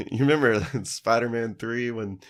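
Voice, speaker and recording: A man telling animated, profane backstage tales in casual podcast chat, acting out quotes. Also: mid-range voice, unhurried. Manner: animated storyteller, swears freely, acts out quotes. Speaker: podcast guest, musician. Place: live-streamed studio.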